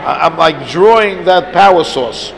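High-voiced man teaching a lively Talmud class. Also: unhurried, creaky. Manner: animated, emphatic, argues points aloud. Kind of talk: Talmud lecture to students. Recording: noisy class of listeners.

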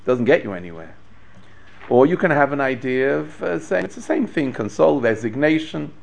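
A rabbi teaches a Torah class in a gravelly, mid-range voice at a moderate pace. He's an animated storyteller, acting out quotes and chuckling now and then.

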